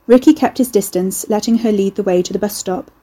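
A woman narrates a storybook in a steady, dry manner. Her voice is mellow and warm, with a soft husky edge. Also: medium pitch, fairly quick. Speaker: audiobook narrator.

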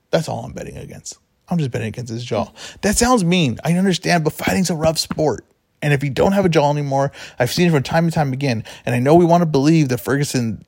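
A man's voice: mid-range voice, no room sound, studio quality. A man hosting a casual sports betting talk show, rambling and correcting himself as he goes. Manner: chatty, rambling, self-correcting. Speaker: podcast host.

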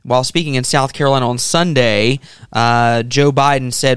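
A man hosting a talk show, reading news items in a measured way. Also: medium pitch, fairly even intonation, fairly bright tone, clear, resonant tone, dry recording, studio quality. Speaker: host.

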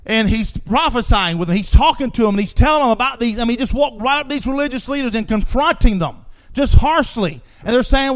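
A man preaching a sermon with emphatic repetition, swinging from hushed asides to shouting. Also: extremely high pitch, a little fast.

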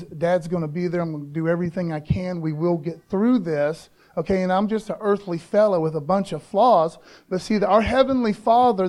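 A male pastor delivers a sermon, his voice sitting noticeably high. He preaches like he is chatting, dropping casual asides and checking in with the listeners again and again. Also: darkish tone. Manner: conversational preaching, peppered with "man" and "okay?".

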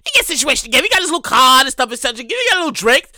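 A person spinning a casual story to the camera in a high, lively voice that leaps up and down. The tone is very bright and cutting, full of swearing and phrases said again and again for emphasis, heard dry with no room around it. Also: very fast, no echo. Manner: animated, profane, repeats phrases for emphasis.

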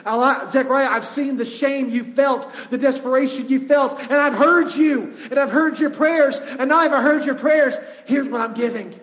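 A man preaching, voicing God in an emphatic, building and near-shouting way. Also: very high-pitched, moderate pace, few pauses, pitched above the performer's own voice. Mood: fervent. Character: God as an earnest, loud, promising voice. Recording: long reverb of a large hall.

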